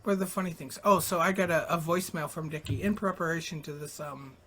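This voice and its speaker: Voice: mid-range voice, steady tone, fast talker, a bit bright. A late-night radio host in casual live talk, with a voice in the middle range. The delivery is rambling and frank, and casual swearing comes in easily.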